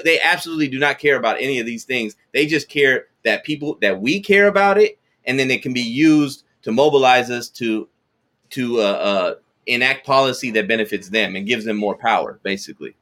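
A man in the middle of the usual pitch range talks as a guest on a podcast. He loops back over words as he gathers his thoughts, telling stories in a relaxed way. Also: fairly quick. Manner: stammering repetitions, conversational storytelling. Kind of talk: casual podcast chat.

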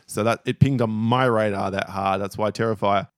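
Man, podcast co-host, lowish voice, steady detailed storytelling, dry close mic. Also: moderate pace, no room sound. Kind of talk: casual podcast chat, describing film scenes.

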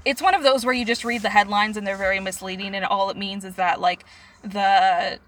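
A young woman co-hosting a podcast in casual chat, chatty and quick to giggle as she tells stories. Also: mid-range voice, fairly even intonation, fairly bright tone. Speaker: podcast co-host.

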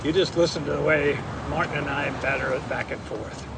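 A gravelly old barber. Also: male voice, on the high side, brisk, far from the mic, heavy background noise. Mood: gruff. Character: gruff old male barber, crude banter. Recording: film clip over loud ambience.

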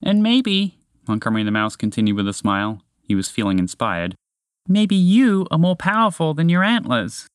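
A man voicing a small, kind male mouse who gently encourages his friend, for a spoken storybook. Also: a little high, big pitch swings, normal speed, smooth, no echo, clean studio sound, voice pushed up. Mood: encouraging.

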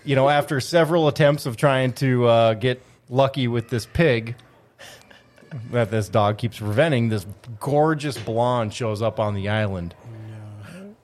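A man's voice: mid-range voice, measured pace. A man with an Upper Midwest American accent, easygoing and dry-humored, chatting casually and telling a joke in a studio. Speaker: studio host.

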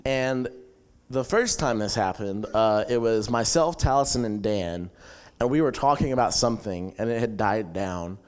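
A young man sharing a camp story in easy, casual storytelling. His voice sits a little low and comes through smooth and clear. He gets animated and laughs along with his own tale. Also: moderate pace. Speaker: camp attendee sharing a testimony.

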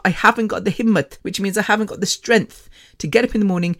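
A woman's voice: mid-range voice, fast. A woman hosting her own podcast, talking bluntly and candidly, swearing freely and getting over the top. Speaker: podcast host. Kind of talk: candid solo podcast monologue.

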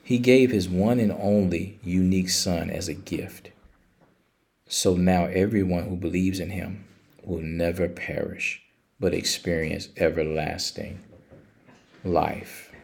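A man's voice: low-pitched, vocal fry, a little mellow. A man reading scripture aloud and explaining it in a Bible study discussion. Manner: reads scripture slowly, then explains.

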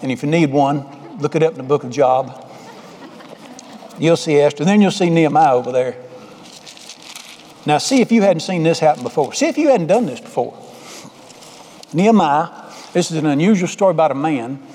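Man, pastor, folksy sermon, high-pitched, mellow tone, long hall reverb. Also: expressive, moderate pace, long pauses, slight background noise. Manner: folksy, conversational preaching with repeated phrases.

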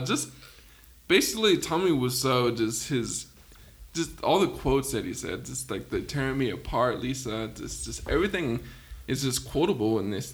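A man with a middle-pitched, everyday voice talks casually about a film. He hesitates, trails off into unfinished thoughts and laughs between sentences. Nothing about his delivery is polished. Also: fairly bright tone. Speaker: podcast guest reviewing a film. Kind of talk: casual chat.

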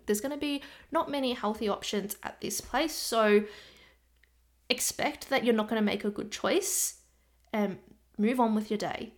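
A chatty woman hosting her own podcast as a nutrition coach, talking straight to her listeners in a relaxed, conversational way. She's from Australia and keeps breaking into quick asides that mimic her clients. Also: mid-range voice. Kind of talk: casual solo podcast talk.

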